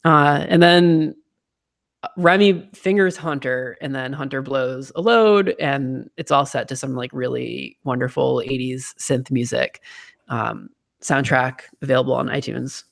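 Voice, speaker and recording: A man hosts a casual talk with friends. His voice is mid-pitched with a gravelly, fry-tinged texture. He rambles easily, restarting sentences and filling pauses. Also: a bit bright. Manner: chatty, lots of fillers and restarts. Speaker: host. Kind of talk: casual chat.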